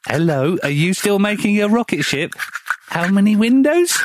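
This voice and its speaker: A man's voice: sits high, sing-song, normal speed, noisy background. A man playing a petty, jealous radio co-host. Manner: indignant, whiny, childish.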